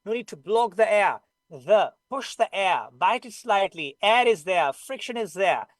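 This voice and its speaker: Pakistani English teacher, male, high voice, patient and repetitive, dry close mic. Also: expressive, normal speed, a bit bright, no echo. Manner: explains patiently, repeating the key sounds. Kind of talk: online class lesson.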